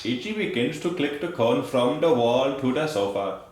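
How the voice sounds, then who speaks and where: A man's voice: medium pitch, lively intonation, moderate pace. A man giving live audio description of a demonstration, in a plain, matter-of-fact way. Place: indoor home room. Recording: echoey room with loud noise.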